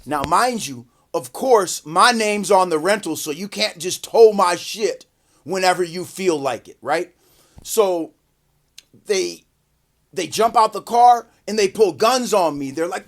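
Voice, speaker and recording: A man telling a casual, profane story to his viewers, acting out the quotes loudly. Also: high-pitched, animated, a little slow. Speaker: vlogger.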